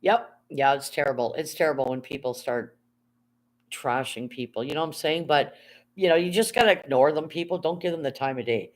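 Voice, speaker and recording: A woman's voice: low voice, brisk. A woman, chatting casually on a live stream, rambling, answering her chat and swearing freely.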